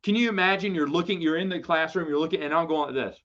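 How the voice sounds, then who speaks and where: A man hosting a live Q&A stream, chatting casually and telling lively, playful stories to viewers. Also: a little high, fast. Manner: animated storytelling, lively and playful. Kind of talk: casual livestream chat. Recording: dull lo-fi stream audio.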